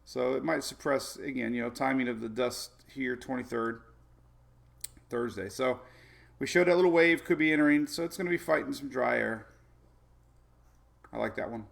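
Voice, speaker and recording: Male weather host, gravelly voice, mid pitch, loose rambling delivery. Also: moderate pace, pauses often. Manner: rambling, chatty, laughs often, many fillers. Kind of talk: casual live weather talk.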